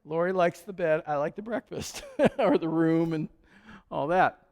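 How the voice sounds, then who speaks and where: A male pastor tells stories from the pulpit in a high, easygoing voice. His relaxed sermon rings out through a church with a long reverb. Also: unhurried. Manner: conversational storytelling with chuckles. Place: church sanctuary.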